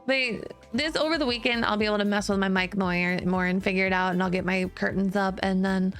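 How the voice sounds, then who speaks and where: A woman's voice: medium pitch, steady tone, brisk, clean tone. A woman streamer chatting casually, laughing often while testing her new mic in a room with bare walls. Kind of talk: casual live-stream chat. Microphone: new studio mic, close. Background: faint background music.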